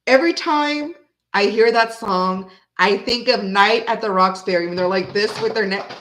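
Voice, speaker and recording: A woman talking casually at home while hosting a tarot reading. She rambles from topic to topic and breaks into hummed or sung snippets of songs. Now and then she softens her voice to coo at her cat. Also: medium pitch, normal speed, a little hiss or hum. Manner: chatty and rambling, breaks into humming and singing song snippets; talks softly and affectionately to her cat. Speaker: tarot reader and channel host. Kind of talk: casual chat on a live reading.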